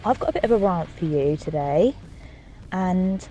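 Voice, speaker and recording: A woman's voice: lowish voice, animated, normal speed, dark tone, faint music behind, rough recording. A woman ranting in a recorded voice note sent to a podcast, exasperated and mocking. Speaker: listener sending a voice note.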